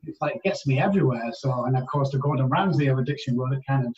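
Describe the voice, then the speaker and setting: A man's voice: mid-range voice, fast talker. A man with an English accent, a guest in an interview, telling stories and stressing key words. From England. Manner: animated storyteller who stresses key words. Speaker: guest, addiction recovery specialist. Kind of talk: storytelling interview answers. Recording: distant, muffled, roomy remote audio.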